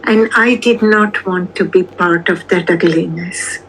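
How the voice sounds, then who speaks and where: An older woman speaking as an interview guest, calm and measured, with long pauses between phrases. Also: on the low side, slight background noise, poor audio. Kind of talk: slow reflective conversation.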